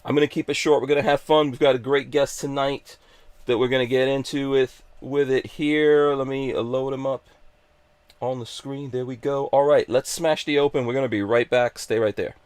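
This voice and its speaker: A man's voice: medium pitch, steady tone, normal speed, clear, resonant tone, no room sound. A man hosting a live podcast stream, chatting casually in an upbeat, joking, rambling way. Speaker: podcast host.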